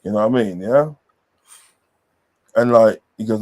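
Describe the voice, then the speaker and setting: A man's voice: on the low side, normal speed, darkish tone. A man telling rambling, sweary football stories in a casual chat, repeating filler phrases. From southern England.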